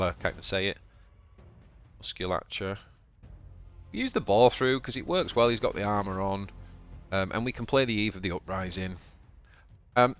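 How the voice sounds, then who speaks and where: A man with a Yorkshire accent talks through his card game turn by turn in a relaxed commentary voice. His voice sits fairly low, and he thinks aloud, trips over words and doubles back on himself. Soft music plays quietly in the background. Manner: chatty, thinking aloud, stumbles and repeats words. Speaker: channel host and card game player. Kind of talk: casual gameplay commentary.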